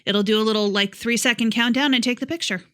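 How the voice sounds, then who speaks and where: A woman's voice: a little high, fast, fairly bright tone. A woman co-hosting a podcast in casual comedic chat, teasing the others with wry sarcasm. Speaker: podcast co-host.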